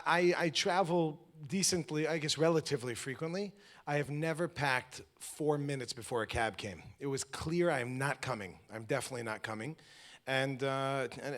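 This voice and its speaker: A man teaching a live audience at an event, animated and quizzing the room with questions. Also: medium pitch. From lives in Israel. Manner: animated, asks the audience questions, acts out little scenes. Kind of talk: lively talk to a live audience.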